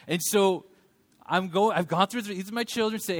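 High-voiced animated male preacher. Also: moderate pace. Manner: animated, humorous, acts out voices in quotes. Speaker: pastor. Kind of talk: sermon.

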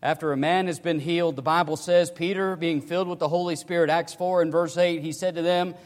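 A man preaching a sermon to his congregation. He swings between hushed, low passages and loud, emphatic cries. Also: steady tone, brisk. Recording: reverberant hall.

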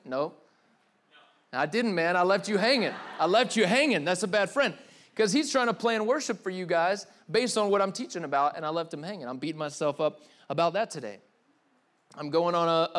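A high-voiced young man with a drawl preaches in a loose, confessional way. He rambles candidly and fills his talk with "man" and "like". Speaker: pastor. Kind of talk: casual confessional sermon. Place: church hall with live audience.

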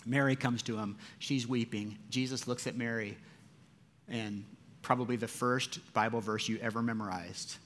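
A man preaching a sermon, moving between loud, urgent passages and hushed, quiet ones, with casual asides to his listeners. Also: mid-range voice, normal speed, pauses often, a little hiss or hum. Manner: dynamic preaching, rising loud for quoted cries and dropping soft for grief; conversational asides to the congregation. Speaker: pastor.

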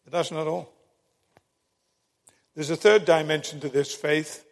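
Emphatic high-voiced preacher in a hall. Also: male voice, fairly even intonation, gravelly. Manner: dramatic, emphatic storyteller with long pauses. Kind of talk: sermon with storytelling. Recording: long hall reverb.

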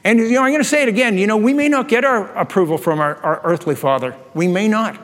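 A man preaching a sermon, telling animated stories and laughing at his own jokes. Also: high-pitched, quick pace. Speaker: pastor. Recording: long reverb of a large hall.

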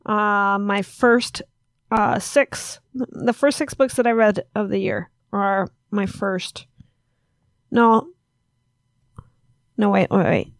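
A woman's voice: mid-range voice, fairly even intonation, takes it slowly, pauses often, no room sound, clean studio sound. A woman co-hosting a casual podcast, rambling and teasing her co-host as she corrects herself mid-sentence. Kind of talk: casual chat.

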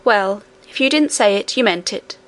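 A woman's voice: medium pitch, animated, normal speed, fairly bright tone, natural voice. A woman reading aloud voices a fond but touchy nursemaid in a storybook. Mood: offended.

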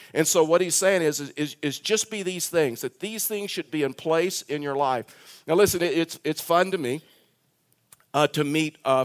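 A male pastor giving a conversational sermon in an earnest tone, reading scripture aloud. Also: fairly high pitch.

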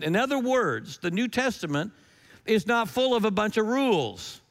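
A man with a notably high voice preaches a sermon with emphasis, driving his points home through repetition and rhetorical questions. His voice rings out with a long reverb, as if in a large hall. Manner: emphatic, repeats key lines, rhetorical questions. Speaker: pastor.

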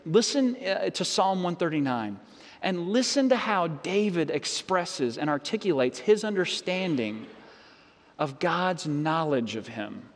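A man's voice: on the high side, lively intonation, unhurried. A man preaching a sermon as pastor, earnest and conversational, with rhetorical questions and frequent restarts. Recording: long hall reverb.

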